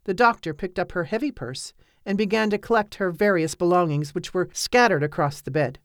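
Brief: woman audiobook narrator, low even read, dead-dry studio sound. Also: no echo. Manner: measured, even storytelling.

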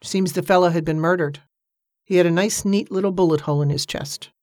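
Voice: mid-range voice, fairly quick, a little mellow, no echo, clean studio sound, natural voice. A narrator voicing a plain-spoken male police sergeant in an audiobook. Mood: matter-of-fact. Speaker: character in an audiobook.

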